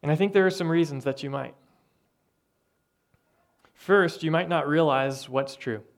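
A man preaching a sermon with earnest, conversational delivery and thoughtful pauses. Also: a little high. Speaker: pastor.

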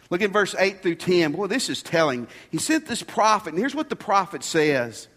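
A man delivers a sermon in a folksy, conversational style, throwing rhetorical questions at his congregation. His voice sits a little high for a man. It rings out in a church hall with long reverb. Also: big pitch swings, normal speed, fairly bright tone. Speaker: pastor. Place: church sanctuary.

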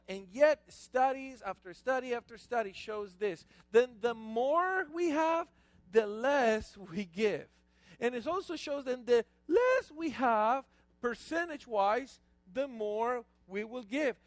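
A man, a pastor, preaching a lively sermon with stories and call-outs to the congregation. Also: sits high, no echo.

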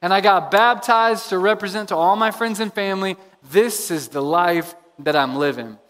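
Male pastor, sermon delivery, energetic and repetitive, high pitch, church hall echo. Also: moderate pace. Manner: energetic, repeats phrases for emphasis. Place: church sanctuary. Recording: long reverb of a large hall.

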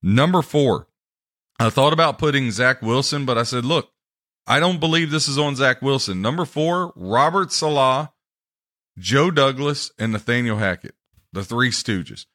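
A man hosting a sports podcast, ranting and mocking teams and players in a loud, heated way. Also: medium pitch, expressive, moderate pace. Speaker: podcast host.

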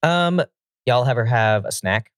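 Animated joking man podcast co-host. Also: medium pitch, measured pace, smooth, no echo, studio quality. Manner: joking, playful banter. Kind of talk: casual chat.

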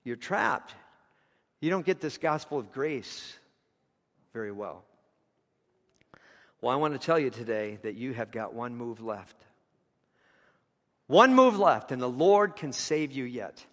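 A man's voice: mid-range voice, a little slow, pauses often, long reverb tail. A man preaching a sermon, telling a story with passion, his intensity rising and falling.

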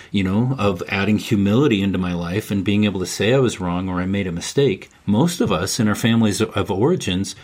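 Husky low-voiced man, emphatic. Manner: emphatic and instructive, repeats key phrases. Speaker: guest, men's coach. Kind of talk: casual conversation.

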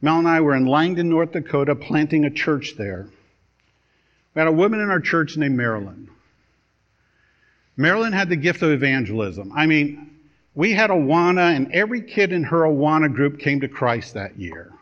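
A man pastor preaching a sermon, telling a story with dramatic pauses and a storytelling delivery. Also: on the high side, animated, fairly bright tone. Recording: dull lo-fi sermon recording.

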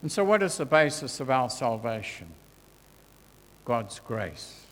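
A man preaching a sermon in a church, earnest and deliberate, his voice dropping soft when he quotes scripture. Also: medium pitch, expressive. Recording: long hall reverb.

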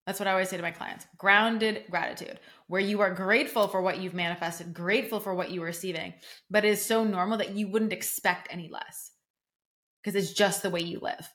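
A young woman talks through her solo podcast in an easy, casual way, leaning hard on key words and dropping "like" often. Her voice sits at a middle pitch for a woman. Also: fairly even intonation, a little fast, fairly bright tone. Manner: casual, emphatic, fillers like "like", acts out quoted reactions. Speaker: podcast host and coach.

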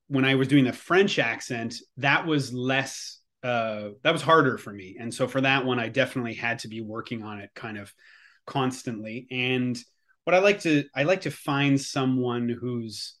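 A man with a Canadian accent, in his thirties, chatting as an actor guest in an interview, relaxed and rambling with fillers. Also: medium pitch. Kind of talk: casual interview chat.

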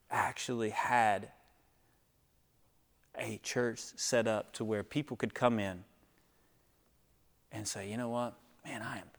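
In the long echo of a large hall, a man preaches a sermon. He swings from hushed near-whispers to loud, high exhortations, posing rhetorical questions and calling out to the congregation.

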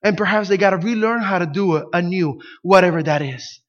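Pastor, male, Spanish speaker, high voice, animated storyteller, lo-fi recording. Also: fairly quick. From Puerto Rico. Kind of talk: sermon with a personal story. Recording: dull lo-fi sound.

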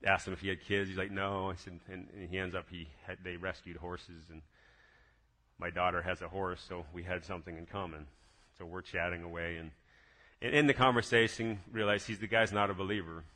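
A man telling his personal faith testimony in a casual, lively way, full of excited restarts. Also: deep voice, a little fast. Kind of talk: casual spoken testimony storytelling.

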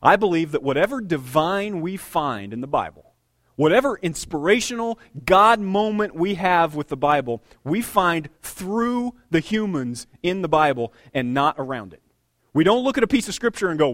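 A man in his thirties preaching a sermon as pastor, conversational and animated, with self-deprecating asides. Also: sits high, moderate pace, no room sound, studio quality. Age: 30s.

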